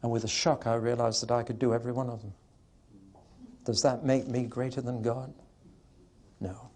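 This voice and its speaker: A man preaching a sermon to a live audience with an emphatic, wry delivery and pauses for effect. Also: medium pitch, flat delivery, a little mellow.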